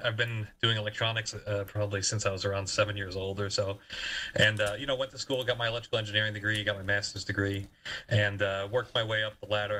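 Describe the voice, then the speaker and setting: A man's voice: fairly low pitch, bright, forceful tone, rough recording. A man who works as an engineer, answering interview questions in a casual, enthusiastic way. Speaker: guest engineer.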